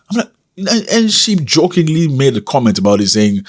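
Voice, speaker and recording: A man giving opinionated commentary on a vlog, talking straight to his viewers with lively asides and calling them fellas. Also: mid-range voice, a little fast, slightly rough. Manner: animated, addresses viewers as fellas, frequent asides.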